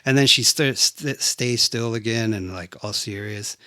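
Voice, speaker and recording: A man's voice: fairly low pitch, unhurried, no echo, clean studio sound. A man in casual chat reviewing a film, swearing freely and acting out the scenes. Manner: animated, profane, acts out scenes. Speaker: movie reviewer.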